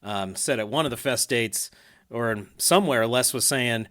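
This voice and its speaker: A man's voice: medium pitch, moderate pace, a bit bright. A man hosting a casual podcast chat, talking loosely with fillers, restarts and easy laughs. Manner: chatty, laughs easily, many fillers and restarts. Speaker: podcast host.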